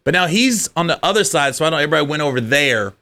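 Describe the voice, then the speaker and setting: Man, comedian, animated storyteller, bright tone, swooping pitch. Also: rapid-fire. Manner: animated storyteller acting out people, laughing often. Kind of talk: casual storytelling chat.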